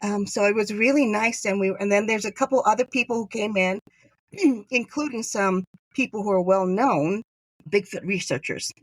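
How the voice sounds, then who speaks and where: A woman's voice: mid-range voice, moderate pace, no echo. Chatty woman telling a story, dry sound. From Hawaii. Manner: chatty, acts out quoted dialogue. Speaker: podcast guest. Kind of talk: casual interview storytelling.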